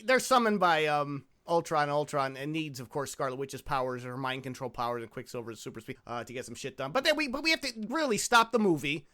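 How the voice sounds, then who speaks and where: Lively high-voiced man joking through movie notes. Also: brisk, few pauses. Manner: joking, crude, reads from notes. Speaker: podcast host. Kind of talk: casual comedic movie podcast chat.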